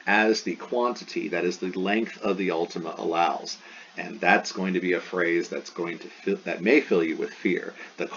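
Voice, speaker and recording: Deep-voiced man teaching a lesson. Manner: enthusiastic, repeats terms slowly. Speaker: Greek teacher. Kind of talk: recorded lesson. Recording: dull lo-fi recording with faint hiss.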